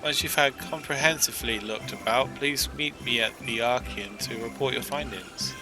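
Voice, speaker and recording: A fretful archivist who stammers and apologizes, as a man puts him on. His voice sits at a medium pitch. Clear game music runs behind him. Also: normal speed, lightly acted. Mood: grateful. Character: fretful male archivist seeking a lost specimen.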